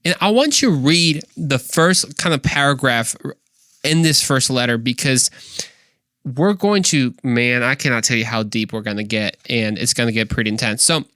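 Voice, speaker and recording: A man's voice: medium pitch, normal speed, bright, forceful tone, no echo, studio quality. A young man hosting a faith podcast, talking casually and eagerly with many fillers and asides. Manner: enthusiastic, rambling with fillers. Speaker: podcast host.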